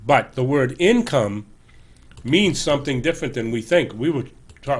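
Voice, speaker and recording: Animated and slightly rough, his medium-pitched voice moves at a moderate pace. The sixty-something show host offers an emphatic, earnest political monologue, conversational and loose, pressing listeners and correcting himself as he goes.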